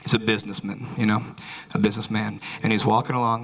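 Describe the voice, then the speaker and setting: A man's voice: fairly low pitch, level tone, fast, fairly bright tone, low-quality recording. A man doing a stand-up comedy set, talking loosely and rambling with lots of filler phrases before a live audience. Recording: live crowd audible. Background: audience laughter.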